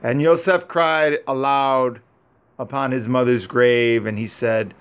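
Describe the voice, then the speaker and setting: A man reads an ancient scripture story aloud at a very unhurried pace. His delivery is solemn and measured, broken by frequent pauses, in an ordinary mid-range voice. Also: mid-range voice, fairly even intonation, clean tone. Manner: measured, solemn, pausing often. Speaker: scripture reader. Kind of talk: slow scripture reading.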